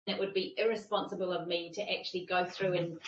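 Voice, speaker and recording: A woman's voice: lowish voice, steady tone, fast, roomy sound, far from the mic, lo-fi sound, slight background noise. A woman coach teaching a masterclass, talking emphatically and repeating phrases for stress.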